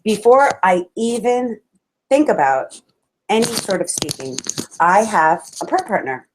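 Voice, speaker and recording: A woman's voice: mid-range voice, very animated, a little slow, noisy background. A woman giving a passionate, emphatic motivational talk to a live audience, often laughing and calling her listeners friends. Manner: laughs often between lines. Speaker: motivational speaker.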